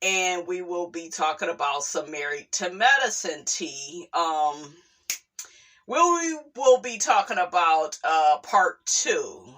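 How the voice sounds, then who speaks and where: A woman talks through celebrity gossip in a loose, chatty commentary and laughs readily. Her voice swings up and down with lots of lift, and her tone is bright. She drawls along at an unhurried pace. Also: fairly low pitch, animated. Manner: chatty, often says "honey" and "okay", laughs readily. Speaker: host.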